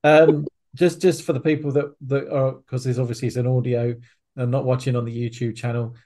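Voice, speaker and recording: Very low-voiced woman podcast host. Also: level tone, brisk. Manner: warm listener, brief affirmations, gentle laughs. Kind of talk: interview podcast.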